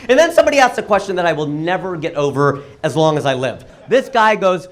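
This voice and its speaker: A male stand-up comedian from Cincinnati performing on a live stage with a handheld mic, delivering punchy jokes and rhetorical questions in an animated way. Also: on the high side, brisk, hardly any pauses. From Cincinnati, United States.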